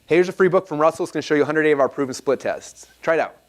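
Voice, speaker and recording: A man in his thirties giving an energetic seminar talk, telling anecdotes and acting out both sides of the dialogue. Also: fairly high pitch. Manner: fast, animated storytelling, acts out dialogue. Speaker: speaker at a live seminar.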